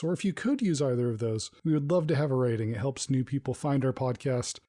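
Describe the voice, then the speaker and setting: A man's voice: mid-range voice, warm tone. A man acting as game master of a podcast tabletop game, describing scenes in an easygoing way.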